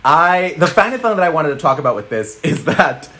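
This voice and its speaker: A man's voice: a little high, big pitch swings, fairly quick, bright, forceful tone, a little hiss or hum. A man co-hosting a comedy news show, chatting casually in a rambling, jokey way and laughing often.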